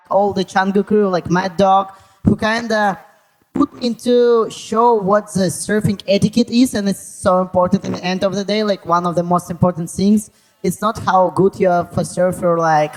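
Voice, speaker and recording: A man from Russia with a Russian accent, speaking English as a second language in a casual panel chat, telling stories with lively, acted-out quotes. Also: high-pitched, low-quality recording. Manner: animated, acts out quotes, non-native grammar. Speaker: surfer guest on a panel.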